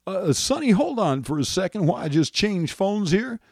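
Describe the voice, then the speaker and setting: A man puts on a hushed, coaxing male president talking into the phone, higher than his own voice and a little husky. The sound is dry, set a bit back from the mic. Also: sing-song, moderate pace, no room sound, exaggerated voice.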